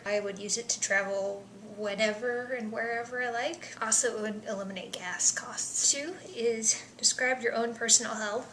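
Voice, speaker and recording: A young woman vlogger chatting casually through survey questions, self-deprecating, with soft mumbled asides. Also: on the high side, roomy sound, slight background noise, low-quality recording.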